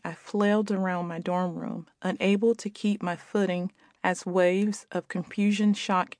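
A woman in her forties, the author, reading her own audiobook aloud in a gentle, reflective way. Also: lowish voice, no room sound, studio quality. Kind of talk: audiobook narration.

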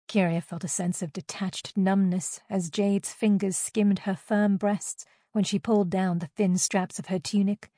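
Warm-voiced woman narrating a novel. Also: mid-range voice, little pitch movement, a little slow, few pauses, no echo, studio quality. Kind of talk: audiobook narration.

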